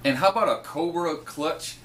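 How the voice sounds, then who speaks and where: A man's voice: fairly high pitch, moderate pace, fairly bright tone, a little hiss or hum. A man co-hosting a wrestling podcast, recapping matches in casual, profane chat and laughing often. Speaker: podcast co-host.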